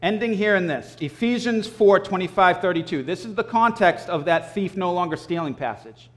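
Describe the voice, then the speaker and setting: Male preacher, high pitch, casual animated sermon style with throat clearing between points. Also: normal speed. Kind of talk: conversational sermon.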